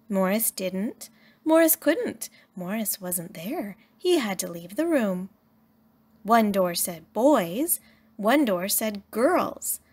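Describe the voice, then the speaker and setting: A woman reading a children's story aloud in a gentle, measured way. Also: mid-range voice. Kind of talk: children's read-aloud narration.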